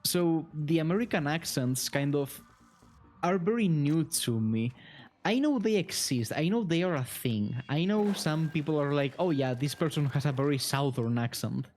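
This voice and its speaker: A man's voice: on the high side, animated, normal speed, a little mellow. Hesitant European man. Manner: hesitant, restarts words, curious questions. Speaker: co-streamer. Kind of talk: casual chat while gaming.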